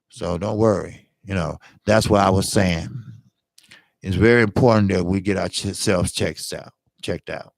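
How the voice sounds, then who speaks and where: A man with a lowish, gravelly voice hosts a boxing channel in loose live-stream chat. He is earnest and blunt, hammering points home by saying them again. The sound is close and dry. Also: no room sound. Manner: earnest and blunt, repeats himself for emphasis. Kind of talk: casual live-stream commentary.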